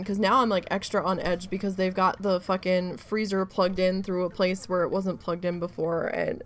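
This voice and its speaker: A woman's voice: mid-range voice, steady tone, brisk, hardly any pauses. A woman streamer chatting casually while she plays, rambling through a story and swearing freely. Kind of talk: casual chat while gaming.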